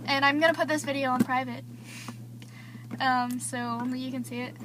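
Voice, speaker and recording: A woman's voice: high-pitched, fairly even intonation, normal speed, background noise. A teenage girl vlogging, rambling through gossip with lots of fillers. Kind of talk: casual gossip vlog.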